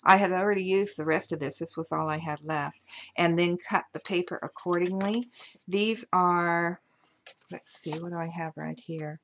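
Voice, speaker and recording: A woman's voice: fairly low pitch, fairly even intonation, normal speed, a little hiss or hum. A woman showing off a handmade paper album, chatty and gushing over the materials as she walks through each page. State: hiccups. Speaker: paper craft designer. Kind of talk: craft show-and-tell tutorial.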